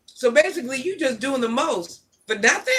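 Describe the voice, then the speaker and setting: A woman's voice: sits high, lively intonation, brisk, a bit bright. A middle-aged woman hosting a livestream, ranting bluntly at viewers and repeating her points like a sermon. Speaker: livestream host.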